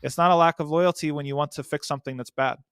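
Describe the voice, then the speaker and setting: A man speaking as a podcast guest, answering in an earnest, measured way with some fillers. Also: a little high, fairly even intonation, fairly bright tone, smooth, no room sound, clean studio sound.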